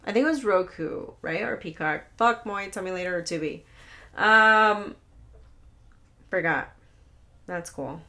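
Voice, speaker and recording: Her voice sits at medium pitch, bright and forceful, and she speaks a little slowly with frequent pauses. She's a young podcast host telling rambling stories alone, swearing often and laughing through asides.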